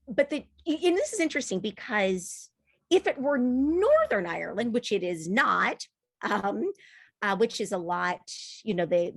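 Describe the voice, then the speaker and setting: A woman's voice: mid-range voice, gravelly, no echo, studio quality. A woman author talking in an interview, thoughtful and laughing often, with frequent restarts. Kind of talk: conversational interview.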